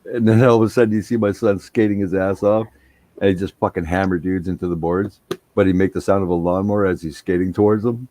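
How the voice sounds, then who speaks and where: A middle-aged man in casual chat, telling animated stories full of swearing. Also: deep voice, fast, no echo. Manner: profane, animated storytelling.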